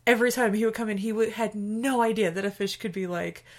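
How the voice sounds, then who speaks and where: Female podcast co-host, chatty and animated storyteller. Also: medium pitch, fast. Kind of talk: casual chat, storytelling.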